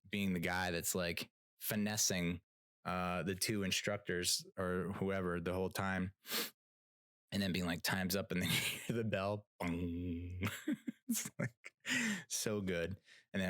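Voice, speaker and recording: A man's voice: sits low, fairly bright tone, no room sound, clean studio sound. A young man hosting a casual solo podcast, rambling through opinions with restarts, fillers, casual swearing and laughs at his own jokes. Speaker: podcast host.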